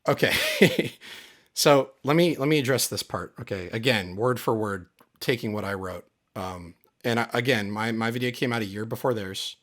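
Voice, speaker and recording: Low-voiced man, aggrieved and emphatic. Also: moderate pace, a bit bright. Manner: aggrieved, emphatic, repeats himself. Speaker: channel host. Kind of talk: casual commentary.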